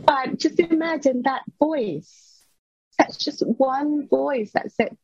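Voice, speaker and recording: A woman's voice: high voice, slow, darkish tone, dry recording. A woman in her thirties, a podcast guest, earnestly recounting a personal story in a dull lo-fi recording.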